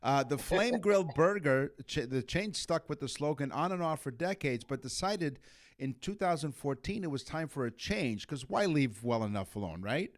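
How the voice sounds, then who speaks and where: A man's voice: a little high, lively intonation, moderate pace. A man co-hosting a podcast, reading out trivia in a jokey way and slipping in puns. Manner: jokey, punning, reads facts aloud. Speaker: podcast co-host. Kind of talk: casual chat.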